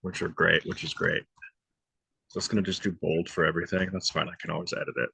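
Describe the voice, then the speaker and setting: A man's voice: sits low, fairly even intonation, fast talker, vocal fry, bright, forceful tone, slightly rough, no room sound. A young man interviewing his former coach for a class, friendly and informal, reading questions off a list. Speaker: student interviewer. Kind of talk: casual interview.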